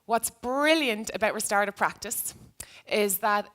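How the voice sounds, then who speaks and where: A woman's voice: mid-range voice, animated, measured pace, fairly bright tone. A woman who used to be a teacher, giving a reflective talk to an audience and telling a story from her classroom. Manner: earnest, reflective. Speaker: speaker, former teacher.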